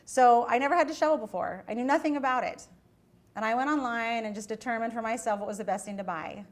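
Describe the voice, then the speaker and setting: Middle-aged woman lecturer, chatty storyteller, slightly high voice. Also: quick pace. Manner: animated, chatty, acts out quoted voices. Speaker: guest lecturer. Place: university lecture hall.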